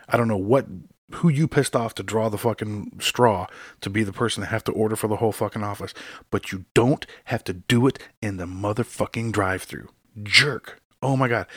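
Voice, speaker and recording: A man's voice: medium pitch, slightly rough, dry recording, studio quality. Profane, ranting male podcast host. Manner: swearing constantly, exasperated ranting. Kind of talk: profane solo rant.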